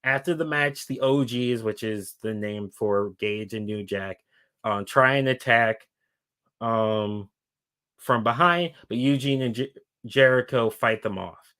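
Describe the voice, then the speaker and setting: Here a podcast co-host walks through a fantasy wrestling storyline in casual conversation, restarting often and leaning on fillers as he rambles. His voice is medium in pitch and a bit bright, and he keeps a measured pace.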